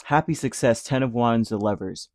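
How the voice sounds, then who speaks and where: A man's voice: mid-range voice, moderate pace, a little mellow, no room sound. Man, tarot reader, rambling casual delivery, lots of ums, dry close sound. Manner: rambling, filler-heavy, acts out little imagined quotes. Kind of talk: casual tarot reading monologue.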